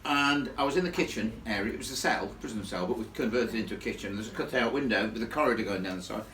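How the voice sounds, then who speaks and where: A man telling a ghost story live to an audience in a chatty, animated way, laughing along with the crowd. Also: lowish voice, fast, slight background noise. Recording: echoey room, from far off.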